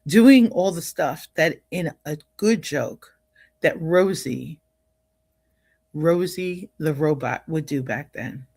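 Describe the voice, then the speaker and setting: A woman's voice: low voice, slow pace, mellow, breathy edge, no echo, clean studio sound. An older woman hosting a livestream in a casual, upbeat way, often laughing and greeting viewers by name. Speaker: livestream host.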